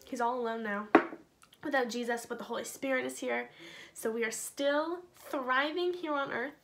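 Bubbly high-voiced woman teaching kids. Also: moderate pace, fairly bright tone. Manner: bubbly, chatty, lots of "like". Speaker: kids' church teacher. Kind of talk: casual children's Bible lesson.

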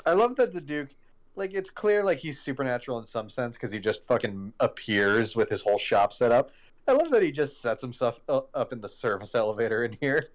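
A man's voice: mid-range voice, expressive, brisk. A man streaming a horror game, reacting and thinking aloud as he plays, swearing often. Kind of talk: casual live gaming chat.

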